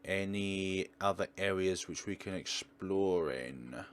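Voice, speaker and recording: A man's voice: low-pitched, slow pace, clean tone. A man hosting a let's play, giving chatty, rambling gameplay commentary with jokes.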